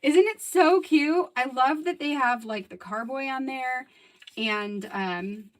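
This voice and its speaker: A woman's voice: sits high, slow pace. Chatty woman hosting a craft livestream. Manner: chatty, rambling, laughs often. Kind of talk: casual live crafting chat.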